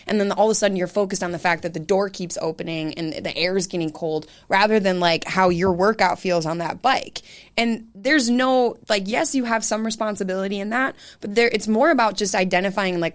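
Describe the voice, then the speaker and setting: A young adult woman, a fitness coach, telling animated stories in a casual podcast chat, full of "like" and "right?". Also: mid-range voice, fairly quick. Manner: animated storytelling, lots of "like" and "right?".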